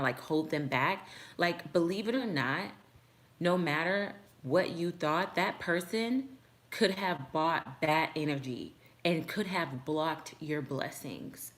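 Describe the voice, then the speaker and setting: A young woman vlogger giving a heartfelt motivational talk to the camera, with frequent "like" fillers. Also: low voice.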